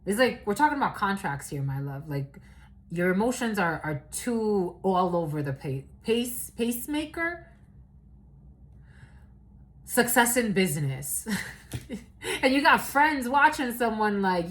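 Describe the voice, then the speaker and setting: A woman's voice: mid-range voice, big pitch swings, slow pace, pauses often, low-quality recording. A woman giving a casual, rambling channeled reading, loose and profane, laughing often. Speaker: tarot reader.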